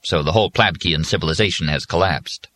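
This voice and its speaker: A man reading as a weary, sardonic fellow with a deep voice and a dry, wry delivery. The tone is bright and forceful despite the gloom. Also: brisk.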